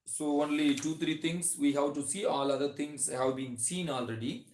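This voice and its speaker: A man's voice: a little high, a little mellow, a little hiss or hum. A man teaching a grammar lesson, starting many sentences with "so", restarting phrases and drawing out his example words. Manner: explains slowly with many "so" openers and restarts, stretches example words. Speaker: English teacher. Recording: echoey room.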